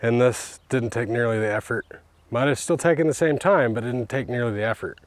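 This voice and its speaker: A man talks casually while digging outdoors on hard ground. He is energetic, exclaims often, and breathes hard from the work. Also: medium pitch, a little fast, no room sound. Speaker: fence installer testing tools. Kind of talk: casual product test while working.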